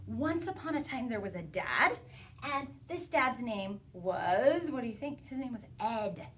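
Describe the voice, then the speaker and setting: A woman telling a playful phonics story and lesson to young children in an animated, sing-song teacher voice. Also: a little high, measured pace, distant mic. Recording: roomy sound from a bit off the mic, faint background hiss.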